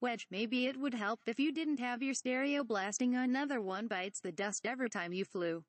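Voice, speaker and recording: A woman's voice: fairly high pitch, moderate pace, no echo, lightly acted. An exasperated male wingman, read by a woman, answers with dry sarcasm. Close, dry recording. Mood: sarcastic.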